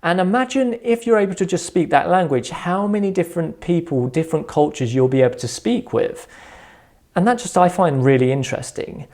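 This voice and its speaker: A man's voice: a little high, expressive, a little fast, darkish tone. A man hosting a self-help video, talking earnestly through advice and acting out the thoughts of the people he describes. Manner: earnest, explanatory, acts out quoted thoughts. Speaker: self-help channel host. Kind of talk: advice monologue.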